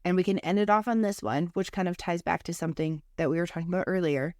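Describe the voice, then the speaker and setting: A woman's voice: on the low side, fairly even intonation, fast talker, a little mellow, dry recording, clean studio sound. A woman and mother co-hosting a podcast, chatting casually in a rambling way full of fillers. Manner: rambling, filler-heavy talk. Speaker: podcast co-host. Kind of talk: casual chat.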